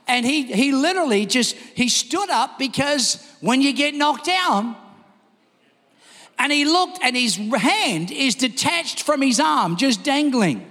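A man preaching a sermon, telling a story with energy and shouting the quoted lines. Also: very high-pitched, animated, slow pace. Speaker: pastor. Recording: long hall reverb.

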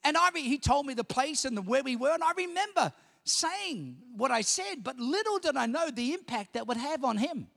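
A middle-aged man with an Australian accent preaching a sermon, telling personal stories in an animated way that climbs to shouting. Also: very high-pitched, normal speed, gravelly. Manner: animated storytelling, rising to shouts. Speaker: pastor. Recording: long hall reverb.

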